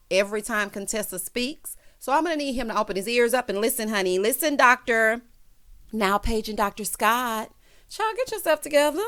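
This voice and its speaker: A woman's voice: mid-range voice, a bit bright. Sassy chatty woman vlogger. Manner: sassy, chatty, talks straight to the cast. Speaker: recap vlogger. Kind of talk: casual reality-TV recap.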